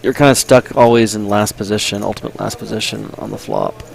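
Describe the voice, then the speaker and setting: A man's voice: on the low side, very animated, fairly quick, creaky, low-quality recording. A man adding dry, questioning remarks as a live poker co-commentator.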